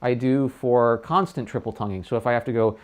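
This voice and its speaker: Man, middle-aged, trumpet teacher, casual livestream lesson, chatty, mid pitch. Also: fairly even intonation, brisk. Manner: casual, chatty, demonstrates tonguing syllables aloud.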